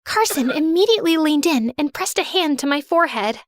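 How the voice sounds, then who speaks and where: With a high, swooping voice, a young woman plays narrator and heroine in a first-person animated drama, talking fairly quickly. Sass, sarcasm and drama colour every line, and the close, dry recording has no echo.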